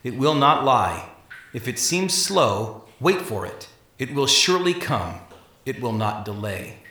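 A man voicing a dejected, bent-over man who speaks quietly and pleads earnestly. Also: mid-range voice, sing-song, unhurried, reverberant.

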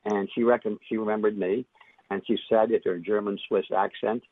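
An older man tells his story as an interview guest, reflective and halting, with many fillers and restarts. His voice is low, gravelly and husky. It comes over a dry, tinny phone line. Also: flat delivery, no echo.

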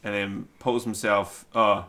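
A man's voice: lowish voice, little pitch movement, unhurried, bright, forceful tone. A man playing a tabletop game, joking dryly and stopping often for fillers. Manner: dry, joking, many fillers. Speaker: player. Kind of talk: tabletop role-play.

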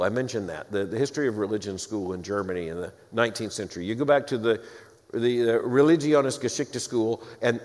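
A man preaching an expository sermon, reading scripture aloud and breaking off for emphatic, wry asides. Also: medium pitch. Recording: long hall reverb.

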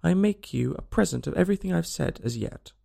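A fussy old duchess who turns everything into a moral, as a man puts her on. She speaks in a sing-song, lifted voice with a gravelly rasp and wide, bouncing pitch. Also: lively intonation, a little fast, mellow, full character voice. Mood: preachy. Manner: preachy, agreeable, sing-song.

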